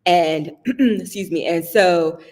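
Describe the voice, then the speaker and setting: A woman's voice: fairly low pitch, slow, darkish tone. A woman from the Southern United States hosting a casual live stream, talking in a chatty, personal way and often checking in with her viewers. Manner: chatty and personal, often asks "right?" and laughs.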